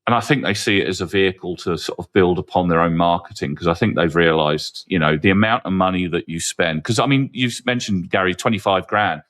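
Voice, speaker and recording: A man's voice: low voice, brisk, few pauses, fairly bright tone. A man hosting a podcast, chatting in a candid, wry and cynical way that rambles with restarts. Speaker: podcast host. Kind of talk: casual panel chat.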